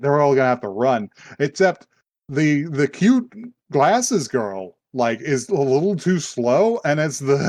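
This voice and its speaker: A man co-hosting a podcast, casually recapping a story with lively asides and swearing, acting out characters' lines. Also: medium pitch, no room sound. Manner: animated retelling, swears, acts out characters' lines. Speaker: podcast co-host. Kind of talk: casual chat recapping a horror anime.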